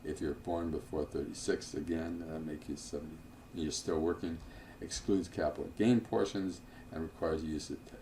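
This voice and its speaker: A man teaching a financial planning class in a relaxed lecture style, with frequent fillers, restarts and offhand asides. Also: very deep voice, normal speed, slight background noise. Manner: informal, digressive, with many fillers and asides.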